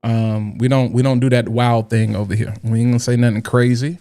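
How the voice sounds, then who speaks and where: A man hosting a casual livestream chat, loud and playful, shouting out people in the chat and often asking "you know what I'm saying". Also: medium pitch, fairly quick. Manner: hype, animated, shouts out chat names; loud, playful, breaks into singing and scatting. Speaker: livestream host.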